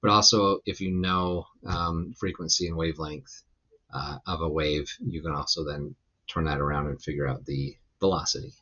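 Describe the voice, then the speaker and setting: Male physics teacher, low voice, loose chatty lecture delivery with fillers. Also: moderate pace, muffled recording. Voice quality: gravelly when relaxed. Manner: loose, rambling explanation with many fillers. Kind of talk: recorded lecture.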